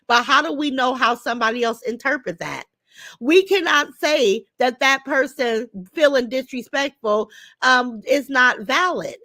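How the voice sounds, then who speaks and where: Fiery older woman with a high voice. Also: a bit bright, no echo. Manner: blunt, heated, swears freely. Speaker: livestream host. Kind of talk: casual livestream talk reading chat comments.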